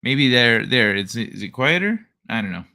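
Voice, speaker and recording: A young man with a bright, forward voice hosts a late-night live stream. He talks in a loose, rambling, laid-back way and swears freely, speaking into a desk microphone. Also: medium pitch, big pitch swings, moderate pace, vocal fry. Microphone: desk microphone he adjusts.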